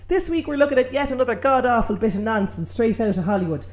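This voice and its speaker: A woman's voice: a little high, expressive, quick pace, darkish tone, roomy sound. Brash, hammy Irish woman podcaster. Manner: hammy stage-Irish banter, brash and teasing. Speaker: podcast co-host. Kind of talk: comic podcast chat.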